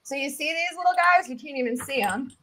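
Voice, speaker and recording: A Southern US woman talks in a bright, high voice. She chats in a casual video podcast, animated and eager, often breaking into quick asides as she explains. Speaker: guest tick researcher.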